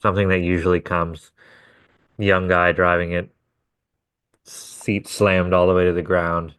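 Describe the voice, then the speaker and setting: Deep-voiced podcast co-host, swearing storyteller, low register. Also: male voice, little pitch movement, unhurried, a bit bright, clear, resonant tone, dry recording. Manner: swearing, acts out quotes. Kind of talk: casual storytelling.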